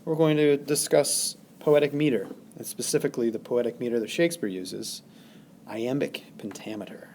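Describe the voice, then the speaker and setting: A male teacher giving a recorded lesson, speaking deliberately and exaggerating stressed syllables. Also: mid-range voice, a little mellow, slight background noise. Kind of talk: recorded classroom lesson narration.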